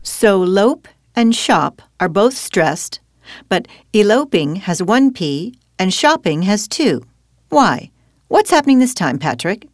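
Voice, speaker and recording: Slow and sing-song at a medium pitch, a woman acts as a spelling teacher in a scripted exchange. She's patient and questioning, steering her partner along with prompts, and the recording is dry.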